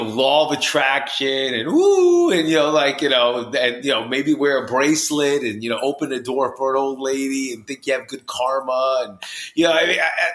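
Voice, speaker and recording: A man from New Jersey, a podcast guest, telling his story with high energy, lots of restarts and "you know"s. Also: a bit bright. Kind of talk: animated storytelling in conversation. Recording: roomy echo.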